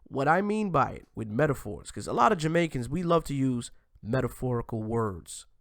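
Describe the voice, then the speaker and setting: A man hosting his own show, talking in a loose, animated monologue that often ends lines with "man" and restarts mid-sentence. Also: medium pitch, moderate pace, creaky, no echo, studio quality. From United States. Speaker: host. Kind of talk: casual commentary monologue.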